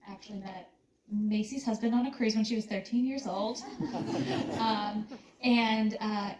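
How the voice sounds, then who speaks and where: A woman's voice: mid-range voice, darkish tone. Woman producer, casual; distant mic, hall echo. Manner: casual, storytelling. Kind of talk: panel discussion answer.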